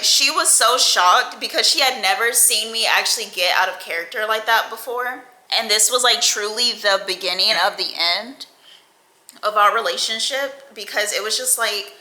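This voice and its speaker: Young woman, storytime vlogger, very bright tone, echoey room, animated and foul-mouthed. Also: a little high. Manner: animated, profane, acts out quoted lines. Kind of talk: storytime vlog.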